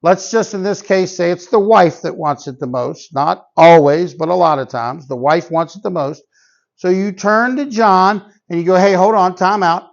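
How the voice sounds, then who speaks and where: A man explains a sales close in a folksy, plain-spoken way, stopping to act out what a couple would say. His voice sits high for a man. The recording sounds dull and lo-fi. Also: lively intonation, normal speed, gravelly. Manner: folksy, plain-spoken, acts out customer dialogue. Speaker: sales trainer. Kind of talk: instructional talk to salespeople.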